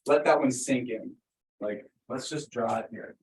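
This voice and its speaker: A man's voice: mid-range voice, a little slow, far from the mic, slight background noise. A man giving a casual, upbeat talk to a live audience, with lots of fillers. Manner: upbeat and conversational, many fillers. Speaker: speaker at a business workshop. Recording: echoey room, voice from afar.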